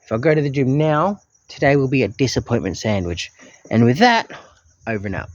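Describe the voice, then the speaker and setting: A man's voice: medium pitch, sing-song, brisk, dry recording, muffled recording. A young man, rambling through a dry, self-mocking video diary. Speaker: vlogger.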